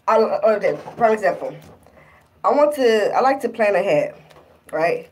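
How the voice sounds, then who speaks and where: A woman's voice: medium pitch, animated, normal speed, a little mellow. A woman in a casual vlog, retelling her relationship troubles in an exasperated, rambling way with lots of fillers. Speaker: vlogger. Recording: distant from the microphone.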